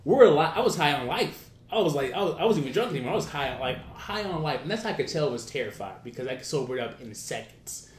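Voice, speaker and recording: A young man telling a story in casual chat, rambling with lots of restarts and filler. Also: expressive. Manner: rambling, quick, many restarts and "like"s. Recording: echoey room with faint rumble.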